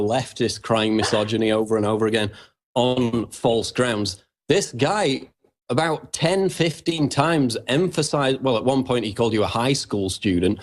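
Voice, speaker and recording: A man guest-hosting a talk radio show, speaking briskly and emphatically. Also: mid-range voice. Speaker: guest host.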